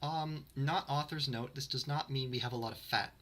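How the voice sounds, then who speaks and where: A man's voice: mid-range voice, normal speed, a bit bright. A man streaming to his chat, reading lore aloud and breaking off for dry, sarcastic, self-mocking asides.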